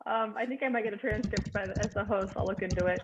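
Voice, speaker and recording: A woman host gives friendly closing remarks at a mid pitch, with many fillers. Her voice comes through thin, phone-like video call audio. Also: fast, a little hiss or hum. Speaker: event host.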